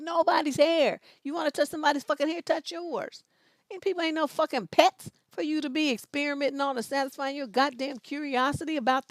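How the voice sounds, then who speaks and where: Loud cussing woman in her fifties, high voice, gravelly, dry close sound. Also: no room sound. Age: 50s. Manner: loud, profane, fiery and emphatic. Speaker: advice show host. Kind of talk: blunt profane storytelling.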